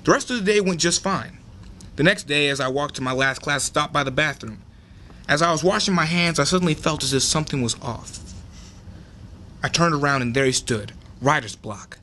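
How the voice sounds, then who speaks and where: A man's voice: fairly high pitch, sharp tone, a little hiss or hum. Young man reading a dramatic story. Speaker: open mic performer. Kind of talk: reading his own story aloud.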